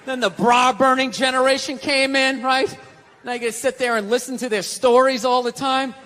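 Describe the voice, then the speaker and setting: A man's voice: extremely high pitch, flat delivery, normal speed, bright, forceful tone, a faint crowd. Ranting, sardonic stand-up comic man. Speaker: stand-up comedian. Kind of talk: stand-up comedy.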